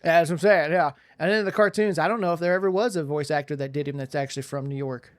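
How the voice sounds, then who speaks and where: A man co-hosting a casual podcast, reviewing a movie in an excited, rambling way with lots of restarts. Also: a little high, fast talker. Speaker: podcast co-host.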